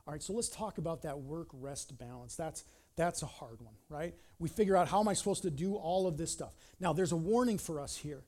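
Animated high-voiced male pastor preaching. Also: fairly quick. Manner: animated, repeats words, swings between loud and quiet. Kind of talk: sermon.

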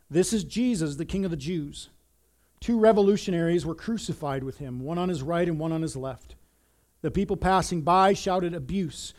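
A man preaching a sermon as a pastor, reading scripture and talking in an earnest, animated way with frequent restarts. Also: high voice.

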